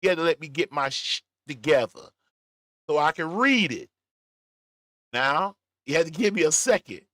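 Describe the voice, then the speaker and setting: A middle-aged man hosting a casual livestream, reading chat comments aloud with laughter and drawn-out emphasis. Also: on the high side, lively intonation, fairly bright tone, dry recording, clean studio sound. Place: at home, smoking a cigar.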